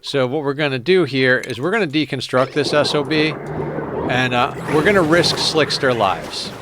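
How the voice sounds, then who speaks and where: A man streaming a game, chatting casually and thinking out loud to his viewers. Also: mid-range voice, expressive, moderate pace, noisy background. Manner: chatty, thinks aloud and talks to chat. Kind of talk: casual live-stream commentary.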